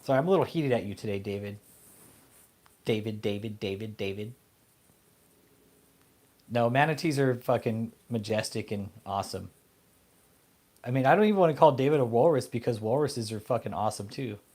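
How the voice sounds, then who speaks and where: A man's voice: medium pitch, lively intonation, fast talker, darkish tone. A man hosting an online commentary show, ranting angrily and profanely at a preacher, mocking him with insults. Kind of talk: casual profane rant.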